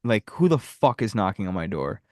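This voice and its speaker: A man co-hosting a podcast, telling a story in casual, profane chat with animated delivery. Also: fairly low pitch, a little fast, no room sound, studio quality. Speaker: podcast co-host.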